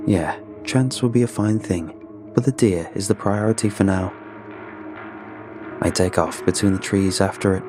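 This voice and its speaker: Low-voiced man narrating a horror story. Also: moderate pace. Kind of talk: first-person scripted horror narration. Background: background music.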